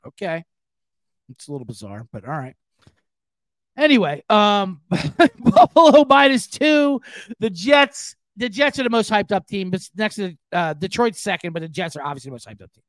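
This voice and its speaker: Animated, profane man ranting on a podcast. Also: sits high, normal speed, no room sound. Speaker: podcast host. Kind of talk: casual sports-betting podcast rant.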